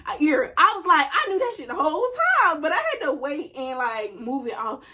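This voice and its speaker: A young woman with a high, light voice tells a story in casual chat. She is animated and often breaks into laughter while acting out quotes. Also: a little fast. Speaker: co-host telling a story.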